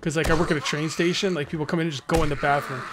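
Guy doing let's play commentary, bit high voice, jokey, trash talks zombies, faint hiss. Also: racing. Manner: excitable, jokey, taunts enemies. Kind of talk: casual gameplay commentary.

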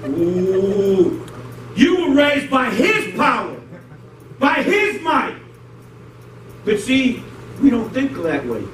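A man's voice: extremely high pitch, huge pitch swings, slow pace, pauses often, a bit bright. A Puerto Rican-born male pastor with a New York accent, preaching a joking, slangy sermon. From Puerto Rico. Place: church sanctuary. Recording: roomy hall, distant mic, noisy.

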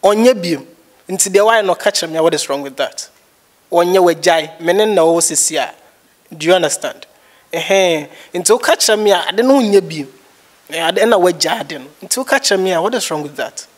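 A man's voice: high voice, animated, normal speed. A man with a Ghanaian accent giving his views in a casual chat, rambling and repeating himself. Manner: rambling, repetitive. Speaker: guest.

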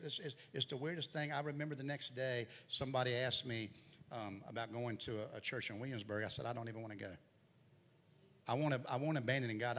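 A gravelly, sharp, lowish male voice belongs to a middle-aged guest preacher sharing a sermon testimony in a church sanctuary. He lets his voice swell and dip as the narrative goes on, heard through hall reverb with faint noise.

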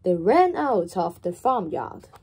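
A woman reading a children's story aloud in a slow, animated, sing-song way. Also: lowish voice, slightly rough.

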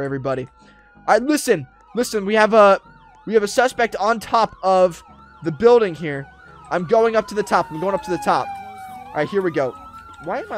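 High-voiced excitable man barking orders. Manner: excitable, barking commands, rambling with fillers. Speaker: roleplay YouTuber. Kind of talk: gameplay roleplay commentary.

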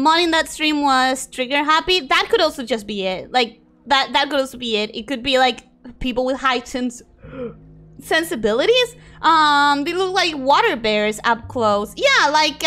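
A woman streaming a game, reacting excitably, swearing freely and answering her chat. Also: high voice. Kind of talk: live gameplay commentary with chat replies.

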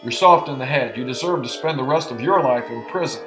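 Brief: man voicing a cold, weary she-elephant crime boss, mid-pitched and threatening, music underneath. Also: brisk, echoey room, natural voice. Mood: menacing. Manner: threatening, curt. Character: menacing female elephant gang boss, weary and ruthless.

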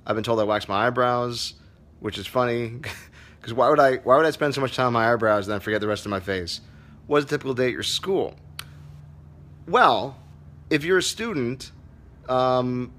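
A man's voice: mid-range voice, a bit bright. A man who teaches comedy, hosting a casual livestream Q&A, reading viewer comments aloud in a loose, profane way.

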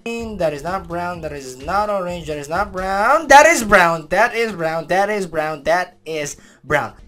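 A man from the Philippines doing gameplay commentary, excitable, talking to himself and his viewers and calling out answers as he plays. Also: high voice, measured pace, soft background music. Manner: excitable, talks to himself and the audience, counts answers aloud. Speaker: gaming YouTuber.

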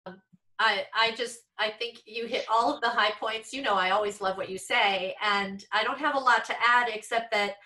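Bright-voiced middle-aged woman clinician. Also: medium pitch, moderate pace, rough recording. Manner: chatty, frequent restarts, self-deprecating asides. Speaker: speech-language pathologist. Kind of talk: explaining to fellow clinicians.

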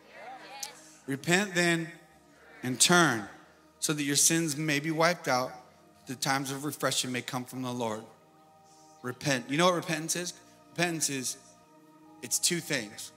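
Man preaching, high-pitched, bright voice, long hall reverb, faint music behind. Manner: animated preaching, swinging between loud and soft. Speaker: pastor. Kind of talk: sermon.

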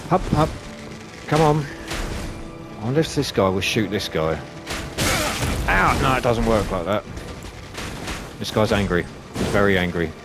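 Sweary gamer over game music. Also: male voice, fairly low pitch, unhurried, pauses often. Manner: sweary, excitable, talks to enemies. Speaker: gaming YouTuber. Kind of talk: let's play commentary.

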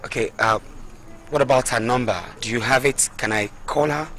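An actor with a Nigerian accent playing a shy young student who stammers and hesitates. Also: male voice, mid-range voice, normal speed, pushed and bright, a little hiss or hum, lightly acted. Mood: hesitant. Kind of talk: film acting.

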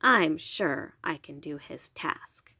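A woman voicing a plain-spoken father in a storybook reading, speaking calmly. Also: low-pitched, takes it slowly, slightly rough, no room sound, studio quality, pitched below the performer's own voice, exaggerated voice.

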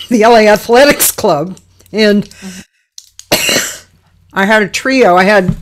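A woman hosting a casual livestream chat over a video call, relaxed and rambling, with many fillers. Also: medium pitch. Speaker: host.

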